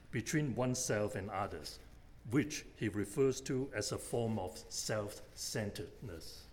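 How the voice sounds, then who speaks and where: A man's voice: medium pitch, slight background noise. A man giving an academic lecture on philosophy, methodically setting out numbered points. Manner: measured, methodical, enumerating points.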